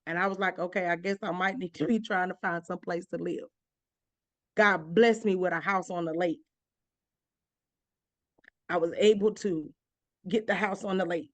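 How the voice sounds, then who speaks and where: A woman from Georgia, a guest and minister telling her personal story in an interview with passionate, repetitive phrasing that climbs in pitch as she gets stirred. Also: fairly even intonation, normal speed, long pauses, no room sound. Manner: impassioned, repeats phrases, voice climbs when stirred. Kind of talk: emotional personal testimony.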